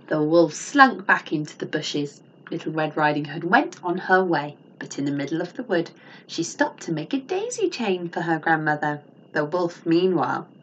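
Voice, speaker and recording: Animated woman teacher reading a storybook. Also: low-pitched, highs cut off, a little hiss or hum. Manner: animated, with gasps and questions to the listener. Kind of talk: reading a picture book to children.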